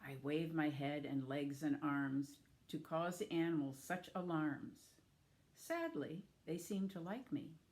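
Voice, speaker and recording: A woman voicing a cheerful talking scarecrow stuffed with straw, reciting in quick, bouncy rhyme. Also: low voice, lively intonation, darkish tone.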